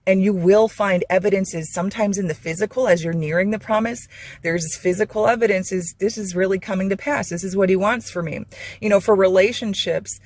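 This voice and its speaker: A woman's voice: mid-range voice, brisk, darkish tone, dry recording. A woman hosting a Christian channel, giving an earnest, rambling devotional talk full of fillers and restarts. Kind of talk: informal devotional talk to camera.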